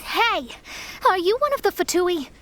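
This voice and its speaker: A woman's voice: very high voice, very animated, normal speed. Fischl, a grandiose young girl. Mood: haughty. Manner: dramatic, formal phrasing.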